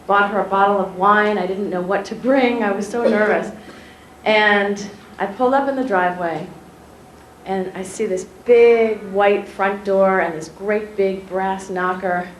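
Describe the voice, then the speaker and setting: Woman journalist telling a story to kids. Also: medium pitch. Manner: animated, asks the children questions directly. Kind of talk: storytelling talk to schoolchildren. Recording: echoey room, faint ambient noise.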